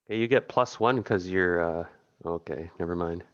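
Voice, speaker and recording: A man narrating as game master, chuckling and halting with many restarts. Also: low voice, lo-fi sound, background noise.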